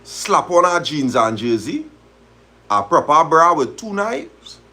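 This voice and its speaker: Male streamer, husky voice, lively pitch, reads aloud and riffs on the story. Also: slow pace. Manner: animated, dialect-heavy, laughs at the story. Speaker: host of a live talk stream. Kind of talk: reading a story aloud and reacting, casual.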